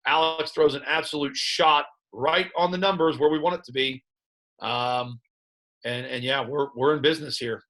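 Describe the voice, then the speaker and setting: A man who coaches high school football, breaking down game film in conversation and telling animated stories about his players and staff. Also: moderate pace. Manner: animated storyteller recounting sideline moments; plain coaching talk about play calls.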